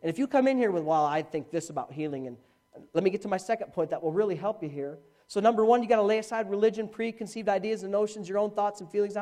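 A middle-aged man preaching a sermon as a pastor, telling a story with animated swings from hushed speech to shouting. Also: high-pitched, fast talker.

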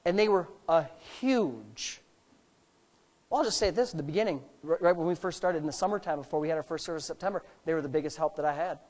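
This pastor talks fast as he delivers his sermon. His tone is lively and sarcastic, and his volume jumps between loud, high outbursts and quiet side remarks.

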